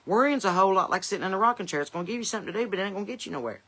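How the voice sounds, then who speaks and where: A woman's voice: mid-range voice, animated, very fast, a bit bright. A woman with a Southern accent, hosting a podcast from her porch in blunt, folksy, profane chat, with chickens clucking nearby. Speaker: podcast host.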